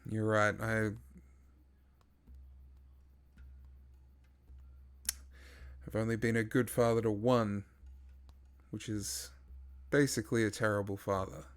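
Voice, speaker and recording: A man voicing a remorseful middle-aged father who speaks gently and quietly. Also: lowish voice, little pitch movement, normal speed, clear, resonant tone, close to an everyday voice. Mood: regretful.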